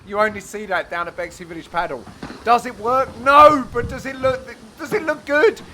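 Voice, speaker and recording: A man giving jokey voice-over commentary on his own amateur match, teasing his friends with sudden loud exclamations. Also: sits high, fairly even intonation, normal speed, a little hiss or hum. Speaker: player and commentator.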